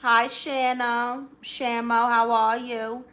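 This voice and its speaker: A woman with a strong Brooklyn accent talks casually to her livestream chat, reading comments and handing out advice. She is sassy and teasing, calling viewers honey. Her voice sits a bit high and sounds bright and sharp. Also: little pitch movement, slow pace. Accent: Brooklyn New York. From Brooklyn, New York. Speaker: livestream host giving advice.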